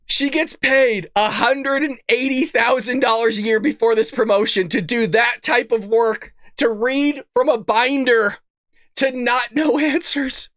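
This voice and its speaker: A man hosting a political commentary livestream, mocking and excitable, often laughing and cursing in disbelief. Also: extremely high pitch, no room sound, clean studio sound. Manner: mocking, excitable, repeats lines. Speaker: show host.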